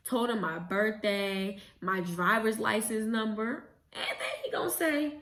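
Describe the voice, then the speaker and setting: A young adult woman casually retelling a story as a vlogger, chatty and animated, with quick self-corrections. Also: a little high. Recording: roomy echo.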